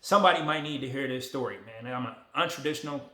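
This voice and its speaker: A man in his forties talking casually to a phone camera, relaxed, emotional and motivational. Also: medium pitch, very fast, roomy sound. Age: 40s. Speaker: vlogger.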